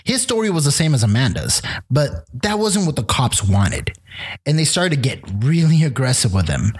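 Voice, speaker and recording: A man telling a true crime story on a casual podcast, animated and acting out the quotes. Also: mid-range voice, normal speed, slightly rough. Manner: animated retelling with acted quotes and casual swearing.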